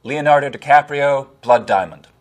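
A man's voice: mid-range voice, moderate pace, faint music behind. A man giving blunt, analytic voice-over commentary on film accents, sometimes imitating lines.

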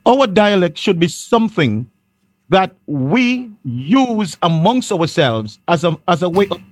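A man's voice: sits high, very animated, measured pace, dry recording. A man hosting a panel discussion who steers the talk and often repeats his phrases. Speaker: host.

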